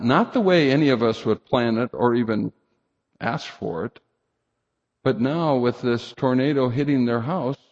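A man's voice: mid-range voice, creaky, a little mellow, in a large hall, muffled recording. A middle-aged man preaching a sermon, speaking earnestly and directly to his congregation and leaning hard on scripture. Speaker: pastor.

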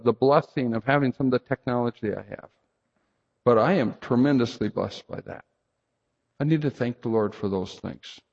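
A man's voice: medium pitch, animated, moderate pace, creaky, a little mellow, husky, in a large hall, highs cut off. A middle-aged man preaching a sermon, speaking earnestly and directly to his congregation and leaning hard on scripture. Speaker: pastor.

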